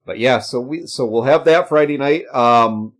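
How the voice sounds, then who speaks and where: A man's voice: mid-range voice, normal speed. A man co-hosting a casual gaming livestream, announcing upcoming shows in an upbeat, rambling way with fillers. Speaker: podcast co-host.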